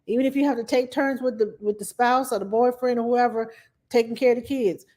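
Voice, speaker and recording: A woman's voice: a little high, steady tone, a little fast, darkish tone. A middle-aged woman hosting a live stream as a nanny, chatting casually and repeating herself for emphasis. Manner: chatty, repeats herself for emphasis, acts out little dialogues with her toddler.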